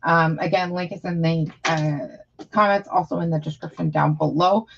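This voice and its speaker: A woman's voice: low-pitched, fairly even intonation, moderate pace, vocal fry, muffled recording, a little hiss or hum. A woman chatting casually on her live stream, rambling and frustrated, with lots of fillers.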